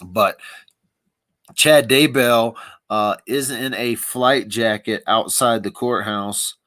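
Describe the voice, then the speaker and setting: A man's voice: mid-range voice, slow pace, pushed and bright, no room sound. A man giving casual, rambling live commentary as the host of a livestream, with a wry, thinking-aloud manner.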